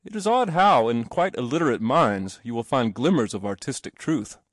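A man voicing a condescending, mannered older gentleman of letters. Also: mid-range voice, animated, normal speed, dry recording, studio quality, close to an everyday voice. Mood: patronizing. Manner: patronizing, mannered.

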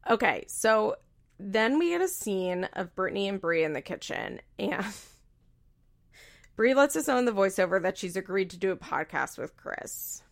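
A woman casually recapping a reality show episode as a podcast host, chatty and opinionated, often quoting people in lively asides. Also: mid-range voice, moderate pace, gravelly. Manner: chatty, opinionated, quotes others in animated asides. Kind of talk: casual chat.

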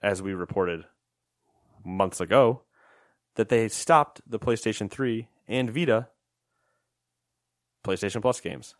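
A man's voice: lowish voice, slow, pauses often, dry recording, clean studio sound. A young man co-hosting a casual gaming podcast, joking and rambling with lots of fillers. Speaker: podcast co-host. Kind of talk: casual gaming news chat.

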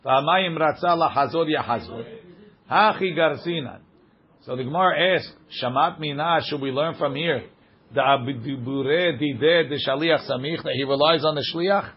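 A man's voice: a little high, normal speed, dull audio. A man teaching a daily page of Talmud, reading the passage aloud and explaining it line by line.

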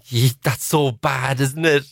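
A man's voice: medium pitch, steady tone, takes it slowly, gravelly, a little hiss or hum. A man co-hosting a casual podcast, rambling and giggling often as he talks. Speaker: podcast co-host. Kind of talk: casual chat.

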